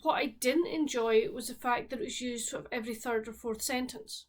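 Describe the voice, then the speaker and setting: A woman with a Highland Scottish accent chatting candidly to her viewers about books and baking. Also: fairly even intonation, fairly quick. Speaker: book and baking vlogger. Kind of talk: casual book review and cooking chat.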